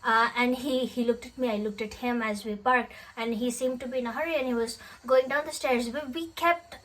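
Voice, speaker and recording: Chatty woman with a slightly high voice. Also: steady tone, brisk, a bit bright, rough recording. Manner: chatty, emotional, laughing between words. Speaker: vlogger. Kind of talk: casual storytelling vlog.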